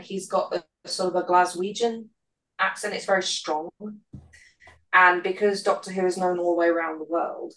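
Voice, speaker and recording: Gravelly voice, pretty monotone, host just chatting and floating theories. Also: mid-range voice, low-quality recording. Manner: musing, offers tentative theories. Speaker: podcast host. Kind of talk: casual chat.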